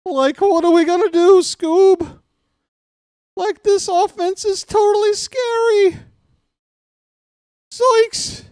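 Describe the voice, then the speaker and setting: Shaggy, a cracking, jittery cartoon slacker. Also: male voice, steady tone, slow pace, pauses often, darkish tone, no echo, studio quality. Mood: scared. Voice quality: high cracking whiny voice. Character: goofy, jittery young male cartoon slacker.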